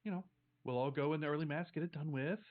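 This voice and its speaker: A man voicing a brisk, kindly churchgoing mother in a tabletop game, practical and coaxing. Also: fairly high pitch, phone-quality sound, natural voice.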